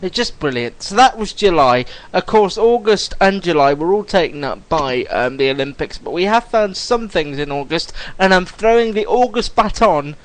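Man, high voice, enthusiastic, rambling chat. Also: animated, moderate pace, hardly any pauses, poor audio. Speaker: podcast co-host. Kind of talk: casual chat.

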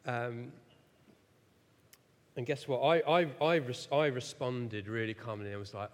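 A man in his thirties speaks slowly with long pauses in a mid-range voice, preaching in a church hall. His sermon includes a story against himself, told with animated self-mockery and frequent laughter at his failings, amid echoey reverb.

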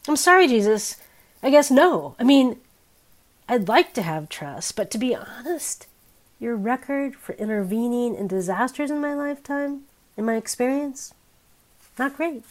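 A woman's voice: animated, unhurried. Wry, candid woman preaching a sermon. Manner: candid, wry, conversational preaching with sharp swings in pitch and loudness.

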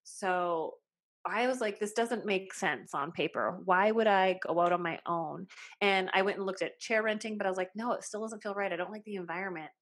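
A woman's voice: medium pitch, normal speed, fairly bright tone. A woman in her late thirties, a hairstylist and salon owner, telling stories in a chatty, casual way full of "like"s. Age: 30s. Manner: chatty storytelling, many "like"s. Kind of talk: casual podcast chat.

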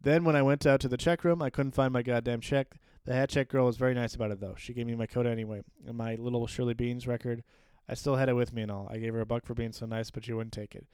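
A man's voice: mid-range voice, steady tone, fast talker, a little mellow, smooth, no room sound, clean studio sound, lightly acted. A man reading aloud as a drunk, lonely teenage boy, with a casual, wry lilt. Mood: wistful. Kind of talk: reading book passages aloud.

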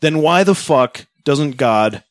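Lively, profane male podcaster. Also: slow, dry recording. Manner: profane, sarcastic, wide swings in pitch. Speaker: podcast co-host. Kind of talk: casual chat.

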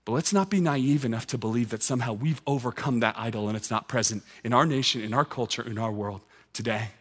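A man's voice: medium pitch, quick pace, in a large hall. A man in his thirties preaching a sermon with emphatic, building repetition. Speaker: pastor.

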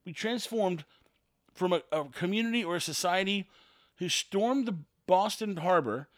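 A man's voice: sits high, normal speed, no echo, clean studio sound. A man hosting a solo podcast, ranting in a sarcastic, exasperated way and repeating himself for emphasis. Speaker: podcast host.

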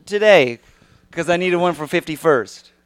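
Giggly young man with a lively voice. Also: a little high, moderate pace, clean tone, no room sound. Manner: laughs often, acts out quoted lines in a mock voice. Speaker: comedian. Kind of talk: casual podcast banter.

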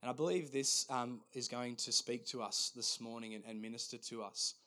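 Earnest halting male pastor. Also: mid-range voice, steady tone, bright, forceful tone. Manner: earnest, halting, frequent restarts. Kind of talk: sermon.

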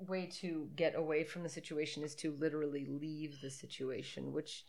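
A low-pitched woman co-hosting a podcast, talking through a movie as she watches it. Her chat is casual, jokey and sprinkled with swearing and laughter. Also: level tone, moderate pace, vocal fry, a little mellow. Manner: joking, profane, laughs often. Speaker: podcast co-host.

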